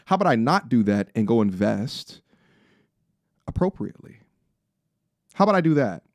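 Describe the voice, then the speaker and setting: A young man in casual podcast chat, playful and animated, slipping into high excited rants. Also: normal speed, no room sound. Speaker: podcast co-host.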